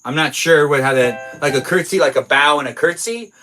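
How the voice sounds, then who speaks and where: A man's voice: on the high side, a little fast, pushed and bright, faint music behind, rough recording. A man hosting a casual livestream from his garage, chatting in a rambling, playful way as he answers viewer messages aloud. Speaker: livestream host reading viewer chat. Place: home garage.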